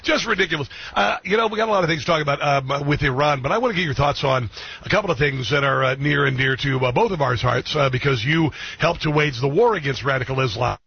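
A man hosts a talk radio show, chatting casually and quickly in a fairly high, slightly rough voice with vocal fry. Excitable, he laughs often and mocks the topic. The radio audio is slightly muffled.

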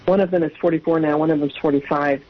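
A woman's voice: sits low, fairly even intonation, fast talker, no echo. A woman in her sixties, a guest, chatting and laughing as she tells long rambling family stories. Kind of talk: casual anecdotal storytelling. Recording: dull lo-fi radio audio.

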